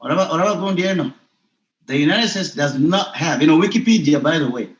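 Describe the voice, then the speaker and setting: A Ugandan man, a teacher, a guest on a call, arguing his points in an animated, insistent way. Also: on the high side, quick pace. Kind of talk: casual debate mixing Luganda and English. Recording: dull, echoey room sound.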